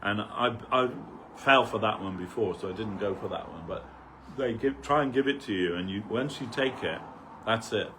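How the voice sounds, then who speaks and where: Man, low voice, casual rambling storyteller at a temple talk. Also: normal speed, hardly any pauses, bright, forceful tone, a little hiss or hum. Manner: conversational, rambling, frequent "you know". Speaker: speaker at a temple gathering. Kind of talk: informal spiritual talk, anecdote.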